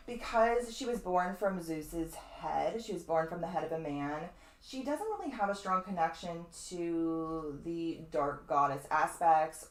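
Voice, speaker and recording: A woman's voice: lowish voice, roomy sound. A woman astrologer giving a casual, rambling lecture in a webinar, full of asides and the odd swear word. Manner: chatty, digressive, fond of asides and mild swearing.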